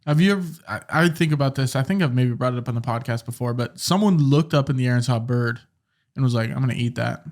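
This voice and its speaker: A man's voice: medium pitch, quick pace. A young man co-hosting a casual podcast, riffing with joking comebacks. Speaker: podcast co-host. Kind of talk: casual chat.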